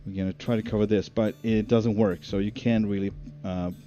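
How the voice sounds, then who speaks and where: Male streamer, low-pitched, loose unscripted commentary full of fillers over background music. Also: fairly even intonation, a little fast, mellow, muffled recording. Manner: rambling, thinks aloud with many fillers. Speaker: game streamer. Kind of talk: casual live-stream commentary.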